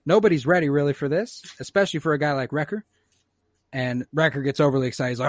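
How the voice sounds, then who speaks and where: Man, casual recap, profane, quick character voices, dry close sound. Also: on the high side, dry recording. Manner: loose, profane, acts out lines in quick voices. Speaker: podcast co-host recapping an episode.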